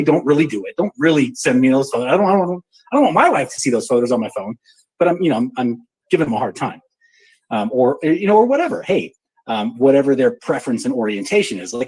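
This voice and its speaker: Man, host, husky, very lively intonation, jokey casual talk. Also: medium pitch, quick pace, poor audio. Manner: joking, animated storyteller. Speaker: show host. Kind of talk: casual live audio chat.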